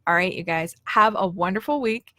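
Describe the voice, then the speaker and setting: A woman's voice: mid-range voice, moderate pace, sharp tone, no echo, studio quality. A woman leadership coach giving a casual, friendly talk about speaking skills, directly addressing her viewers. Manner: friendly, direct, conversational with small restarts.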